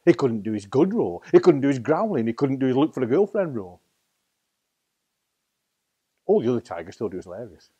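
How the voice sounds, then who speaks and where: In this oral storytelling, a Staffordshire-accented Englishman tells a children's story with playful theatrics. His medium-pitched voice is mellow and husky, very animated and a little fast, broken by long pauses.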